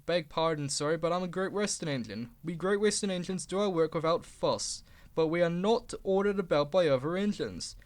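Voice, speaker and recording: A man's voice: fairly high pitch, expressive, moderate pace, natural voice. A man voicing a polite, proud male steam engine in a storybook reading, formal and deferential.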